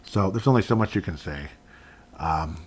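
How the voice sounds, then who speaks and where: Low-voiced male sports podcast host, rambling and self-correcting, faint background noise. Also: lively intonation, moderate pace. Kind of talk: solo sports podcast talk.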